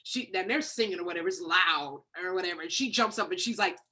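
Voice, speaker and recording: Guest spot: middle-aged Detroit woman, lower pitch, bright forceful tone, lively storyteller on a video call. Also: fast, breathy edge. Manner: animated, acts out quoted voices. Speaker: guest songwriter. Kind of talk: casual storytelling.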